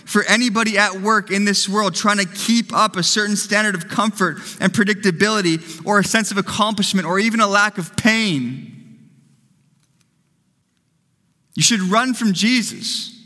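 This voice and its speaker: A man's voice: sits high, moderate pace, bright, forceful tone, in a large hall. A man preaching a sermon as pastor, emphatic and fond of repeating phrases for effect.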